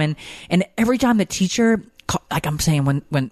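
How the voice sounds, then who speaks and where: A woman in her thirties co-hosting a podcast, telling family stories in a lively, talkative way. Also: deep voice, quick pace, dry recording, clean studio sound. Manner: animated, talkative storyteller. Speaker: podcast co-host. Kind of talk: casual chat.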